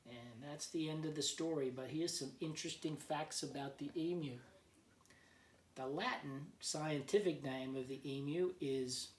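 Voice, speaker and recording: A male teacher reading a picture book aloud to children, gently explaining words as he goes, recorded at home. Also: on the high side, a little slow, recorded from a distance, slight background noise. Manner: gentle storyteller who explains words for kids. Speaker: teacher, guest reader. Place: at home, remote learning. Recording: echoey room, voice off-mic, faint background.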